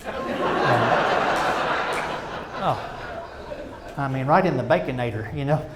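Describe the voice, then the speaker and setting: A middle-aged man doing stand-up storytelling on stage, animated and self-mocking, with chatty asides to the audience. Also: medium pitch, slow, noisy background. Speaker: stand-up comedian. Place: stage before a live audience.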